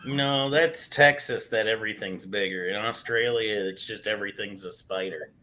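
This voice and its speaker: A man's voice: on the low side, moderate pace, pushed and bright. A man chatting casually and joking around with friends on a video call. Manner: joking, trying silly accents. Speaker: panelist. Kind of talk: casual chat.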